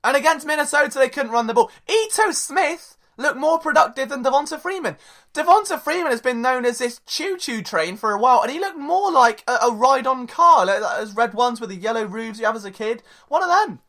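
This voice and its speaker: A man's voice: very high voice, lively intonation, a little fast, pushed and bright. A man hosting a sports podcast, talking in a chatty, jokey, rambling way. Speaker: podcast host. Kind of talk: casual sports podcast talk.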